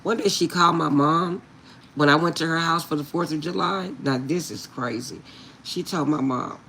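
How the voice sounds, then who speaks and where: A woman's voice: low-pitched, moderate pace, a little hiss or hum. A middle-aged woman telling a funny family story to her viewers, laughing often and insisting she is serious. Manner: animated, laughs often, repeats "I'm serious". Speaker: tarot reader.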